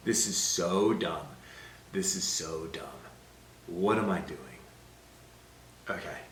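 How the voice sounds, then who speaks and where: A man's voice: sits low, takes it slowly, fairly bright tone. A young man vlogging to the camera in short, fretful bursts. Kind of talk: casual video blog. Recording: roomy echo, faint background noise.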